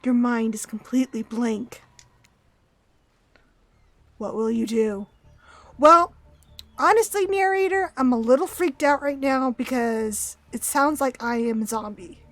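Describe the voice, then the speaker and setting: Brief: a playful woman streamer, fairly high voice, reading game text slowly with joking asides. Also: expressive, a bit bright, dry recording. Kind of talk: game playthrough with read-aloud text.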